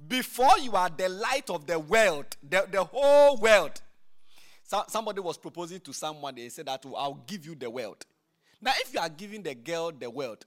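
A man preaching a sermon, praying and teaching with repeated phrases and frequent "all right?" checks to his listeners. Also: high-pitched. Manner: builds from quiet prayer to loud emphatic preaching.

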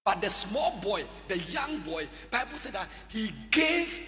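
High, lively preacher in an echoey hall. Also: male voice, a little slow, slight background noise. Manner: call-and-response preaching, often shouting and sing-song. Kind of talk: sermon. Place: church hall.

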